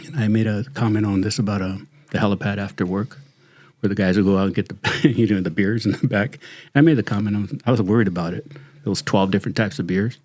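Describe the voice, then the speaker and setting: A man's voice: on the low side, steady tone, quick pace, a little mellow. A middle-aged man, a retired deputy, telling stories in a casual chat, laughing and swearing freely. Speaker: retired sheriff's deputy, guest.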